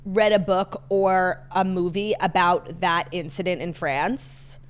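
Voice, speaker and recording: A woman co-hosting a podcast, telling stories in an animated, chatty way with many filler "likes". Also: lowish voice, slow, clean tone. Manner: chatty, animated storytelling with frequent "like". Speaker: podcast co-host. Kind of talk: casual chat.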